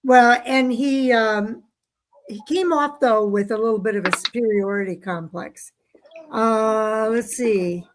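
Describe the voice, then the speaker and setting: A woman's voice: on the high side, unhurried, noisy background. A woman co-hosting a casual racing talk show, chatting with filler words and reading out listener comments. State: hiccups. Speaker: co-host.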